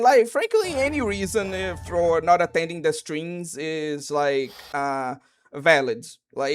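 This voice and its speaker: A streamer chatting casually through a game, rambling, swearing and filling gaps with "like" and restarts. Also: mid-range voice. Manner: rambling, loose and profane, with many "like"s and restarts. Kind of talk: casual live-stream commentary.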